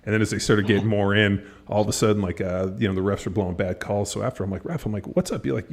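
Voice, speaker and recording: A middle-aged podcast host with a lowish voice talks fast with few pauses in casual podcast chat. He tells stories animatedly, swears freely, and acts out what people said.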